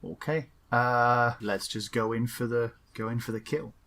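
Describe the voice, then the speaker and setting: A man's voice: mid-range voice, unhurried, very noisy. A man playing in a tabletop game, talking casually and hesitantly with many fillers. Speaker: player.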